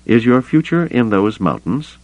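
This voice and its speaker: A man's voice: medium pitch, very animated, normal speed, a little mellow, dry recording, voice pushed up. A man voicing a polite, earnest young male pilot in an audiobook, raising his voice for the part. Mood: questioning. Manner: polite, tentative questioning.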